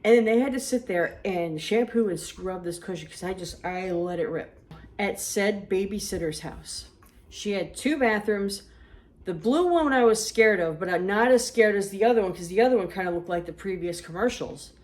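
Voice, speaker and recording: A woman co-hosting a podcast, casually telling childhood anecdotes in a chatty, animated way. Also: mid-range voice, moderate pace. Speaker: podcast co-host. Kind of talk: casual storytelling.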